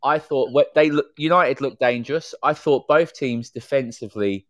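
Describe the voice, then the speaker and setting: A man's voice: mid-range voice, moderate pace, no echo. Man, podcast co-host, chatty opinions, dry remote call sound. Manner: chatty, fluent opinions with many "you know" fillers. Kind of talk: casual podcast chat.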